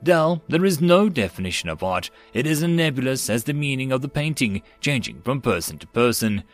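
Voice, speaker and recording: Brief: wry, exasperated woman envoy, read by a man, mid-pitched, faint music underneath. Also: sing-song, a little fast, lightly acted.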